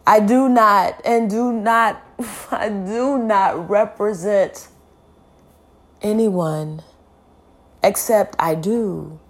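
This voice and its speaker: Slow, weary woman speaking a lament. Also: medium pitch. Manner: slow, heavy, deliberate lament. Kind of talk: spoken-word reflection.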